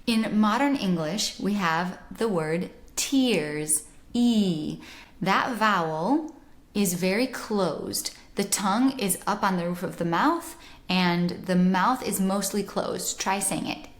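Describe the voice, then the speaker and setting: A woman soprano teaching a music lesson, explaining pronunciation slowly and deliberately and sounding out vowels aloud. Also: mid-range voice. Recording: roomy echo.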